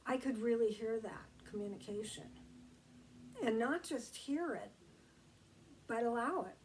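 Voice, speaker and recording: A woman giving a reflective motivational talk, gentle and meandering, with many fillers and restarts. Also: a little high, unhurried, slight background noise, rough recording.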